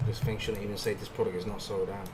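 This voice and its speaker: Relaxed man giving livestream updates. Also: lowish voice, fast talker, music in the background. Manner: relaxed, addresses viewers directly with updates. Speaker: livestream host. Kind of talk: casual live-stream announcements.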